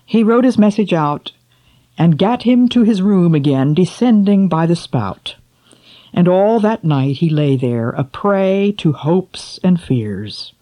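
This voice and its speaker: Slow, expressive woman storyteller. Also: on the low side, no room sound. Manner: slow and expressive, asking listeners questions. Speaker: storyteller for children. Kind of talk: poem reading and moral talk.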